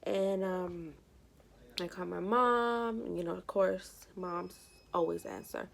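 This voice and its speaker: A woman's voice: on the low side, takes it slowly, vocal fry, slight background noise. A young woman vlogger telling a personal story in a casual, rambling way with lots of fillers, sometimes tearful. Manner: rambling, many "you know" fillers; emotional, tearful at times. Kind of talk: casual storytelling while doing makeup.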